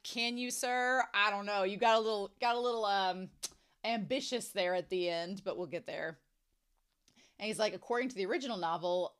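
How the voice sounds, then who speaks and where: Bright, chatty young woman reacting. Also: medium pitch. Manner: chatty, animated, lots of "like", acts out quoted lines. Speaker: reaction commentator. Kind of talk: casual reaction commentary.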